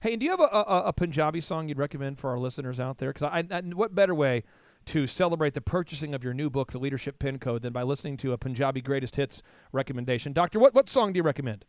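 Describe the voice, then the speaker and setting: A man's voice: mid-range voice, lively intonation, fast talker, no echo, studio quality. A man from Oklahoma hosting an interview show, playful and teasing, often repeating words as he starts a sentence. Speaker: podcast host. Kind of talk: joking interview chat.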